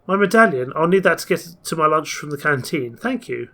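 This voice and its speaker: Man doing a Yorkshire woman artificer, gruff, blunt, grumbling, pitched a bit high. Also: expressive, fairly quick, bright, forceful tone. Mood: proud.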